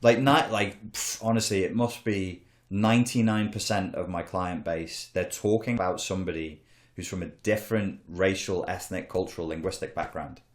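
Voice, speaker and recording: A man's voice: low-pitched, steady tone, normal speed, reverberant. A man hosting a casual podcast conversation, candid and blunt, with some swearing and acted-out quotes. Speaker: podcast host, coach on narcissistic abuse.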